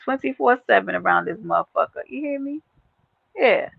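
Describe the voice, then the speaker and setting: A woman with a Brooklyn New York accent hosting a casual livestream chat, brash, profane and animated, laughing often. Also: fairly high pitch, normal speed, gravelly, husky, no room sound, phone-quality sound. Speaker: livestream host.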